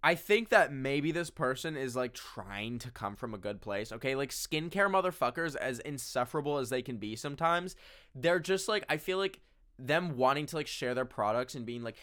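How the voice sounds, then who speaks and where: A man's voice: on the high side, normal speed. A young man hosting a casual solo podcast from his bedroom, rambling and swearing with lots of fillers. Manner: rambling, profane, filler-heavy, animated. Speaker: podcast host. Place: home bedroom, sitting on carpet.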